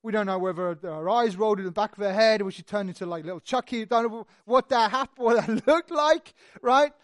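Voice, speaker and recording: Animated conversational preacher, dry sound. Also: medium pitch, brisk, no room sound. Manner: animated, conversational storytelling with asides. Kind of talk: sermon.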